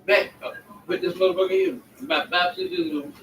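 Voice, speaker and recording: A man's voice: very high voice, very animated, fast talker, gravelly, a bit bright. A man on a livestream telling a story at length, rambling and indignant. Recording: distant echoey mic with faint background noise.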